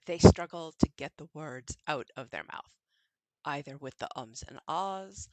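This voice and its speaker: A woman literature professor co-hosting a podcast, speaking in a measured, articulate, matter-of-fact way. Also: sits low, lively intonation, dark tone, dry recording, low-quality recording. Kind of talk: conversational podcast chat.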